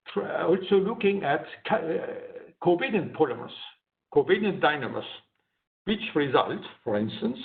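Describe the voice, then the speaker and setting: A man giving an academic science lecture, explaining his slides step by step. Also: a little high. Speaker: guest lecturer. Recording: tinny phone-like online lecture audio.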